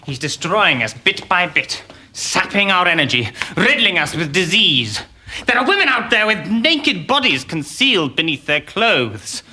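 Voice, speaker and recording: A flustered Roman aide who gets carried away and trips over his words. His voice is bright, and his pitch swings widely. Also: big pitch swings, measured pace, a little hiss or hum, heavily acted. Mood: agitated. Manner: breathless, stumbling over words. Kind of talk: sitcom acting.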